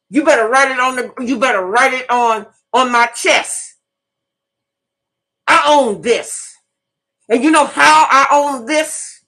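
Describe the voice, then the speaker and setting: A fiery middle-aged woman, delivering a fiery monologue on her own channel. She preaches and curses, driving each point home by repeating it. Her voice sits a little high. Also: bright, forceful tone. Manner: fiery, preachy, profane, repeats herself for emphasis. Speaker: channel host. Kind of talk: impassioned monologue.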